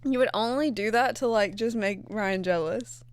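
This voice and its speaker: A woman's voice: a little high, moderate pace. A woman co-hosting a casual podcast, giggly and playfully scolding her co-host.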